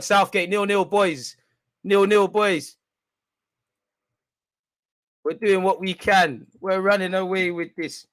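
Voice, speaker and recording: A young man hosting a football watch-along, reacting loudly in slangy, shouty commentary. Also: sits high, slow, pauses often, no echo. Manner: excitable, shouty and slangy, chanting and yelling at the referee.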